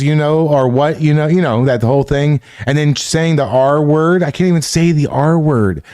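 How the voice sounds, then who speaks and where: A man's voice: fairly high pitch, a little mellow. A man hosting a casual livestream, swearing and laughing often while reacting to chat. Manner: profane, laughing, rambling. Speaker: livestream host.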